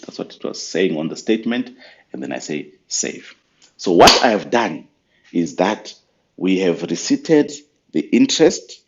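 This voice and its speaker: A very low-voiced man gives a patient, step-by-step software walkthrough for church accounts. His talk is sprinkled with ums and uhs. The audio is muffled and lo-fi, like a basic screen recording. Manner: patient, step-by-step explaining with fillers. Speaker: church finance software trainer.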